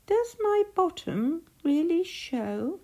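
A woman's voice: extremely high pitch, sing-song, slow, warm tone, voice pushed up, full character voice. A woman voicing a shy, easily embarrassed little male hedgehog in a storybook reading, fretful and bashful.

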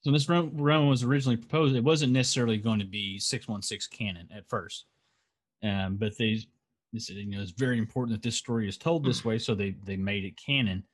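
Podcast co-host, male, lowish voice, loose and rambling delivery, casual. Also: fairly even intonation, fairly quick. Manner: rambling, lots of fillers and restarts. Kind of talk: casual chat about comics.

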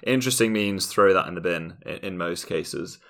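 A man's voice: moderate pace, a bit bright. An English man co-hosting a podcast in casual chat, dry and ironic. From England. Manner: dry, ironic, mimics others in sudden high voices. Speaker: podcast co-host.

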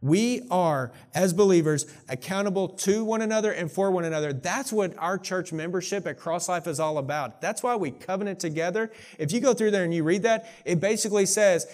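A man who is a pastor preaching a sermon, earnest and swinging between hushed, intimate moments and emphatic declarations, a parent of young children. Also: high voice, fairly quick, hardly any pauses. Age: young adult or middle-aged, parent of young children.

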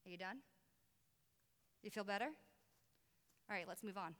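Woman doing God, soft and stern, calm, lower and quieter than her own voice, long hall echo. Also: normal speed, lightly acted. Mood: calmly stern. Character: God, soft yet stern male deity.

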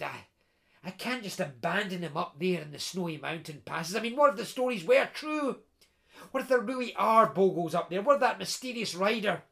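A man's voice: sits high, vocal fry. Fretful loyal young Scotsman, earnest, voiced by a man. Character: worried loyal young man, thinking aloud.

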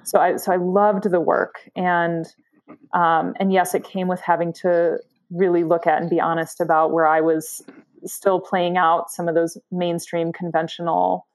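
A woman's voice: fairly low pitch, little pitch movement, unhurried. A woman psychotherapist, a podcast guest, thoughtfully answering an interview question and searching for her words.

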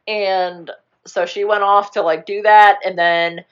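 A woman's voice: fairly low pitch, steady tone, moderate pace, highs cut off. A young woman chatting casually, rambling through a movie plot, swearing now and then and acting out the characters' lines. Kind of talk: casual chat retelling a movie.

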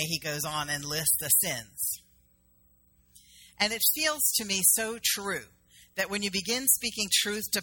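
A woman's voice: medium pitch, pushed and bright. A middle-aged woman minister from South Carolina giving a sermon in a conversational storytelling manner, acting out the dialogue in her stories.

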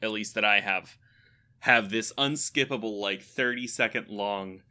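A man's voice: fairly low pitch, unhurried, sharp tone. A young man co-hosting a podcast, chatting casually and enthusiastically, often laughing as he rambles. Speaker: podcast co-host. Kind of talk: casual chat.

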